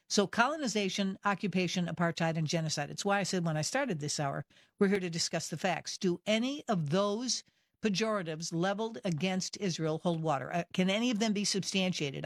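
A woman hosting a Christian talk radio show, energetic and emphatic, stressing key words and asking rhetorical questions. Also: lowish voice, no room sound, clean studio sound. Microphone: studio microphone.

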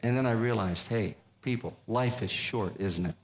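An older man telling a humorous personal story as a speaker, folksy, with deadpan punchlines and frequent restarts. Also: fairly low pitch, normal speed. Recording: echoey room with faint noise.

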